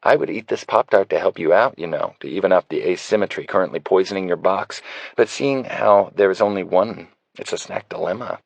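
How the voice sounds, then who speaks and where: A man's voice: low-pitched, a little fast, gravelly, dry recording. A man reading an audiobook voicing a sassy, teasing young woman bartender. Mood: mocking. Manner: teasing, exasperated. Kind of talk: audiobook character voice.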